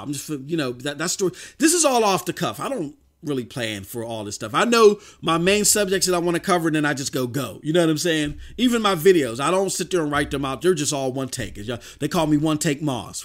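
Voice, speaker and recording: High-voiced man ranting on a livestream. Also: lively intonation, a little fast, few pauses. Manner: emphatic and preachy, stumbling restarts. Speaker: livestream host. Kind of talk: casual off-the-cuff streaming chat.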